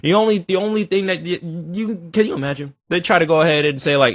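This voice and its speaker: A man hosting a reaction video, talking in animated, joking, slangy banter. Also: a little high, fast talker, hardly any pauses, no echo. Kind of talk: casual reaction commentary.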